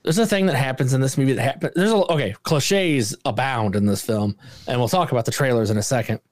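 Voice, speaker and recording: Fast and mid-range, this movie podcast co-host speaks in clean studio quality with no room sound. His casual review chat turns animated, with heavy swearing and raised-voice rants.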